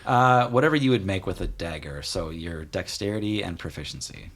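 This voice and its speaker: A man narrating as game master, relaxed, with many fillers and chuckles. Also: low-pitched, brisk.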